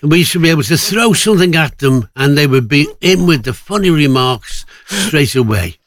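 Male radio presenter, chatty, slightly high voice, dry studio sound. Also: animated, normal speed, no room sound. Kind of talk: casual radio chat.

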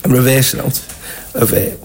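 A man's voice: medium pitch, moderate pace, creaky. Chatty Scouse man telling stories. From Liverpool, England. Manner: chatty, animated anecdotes with acted-out quotes. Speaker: guest. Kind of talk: casual storytelling.

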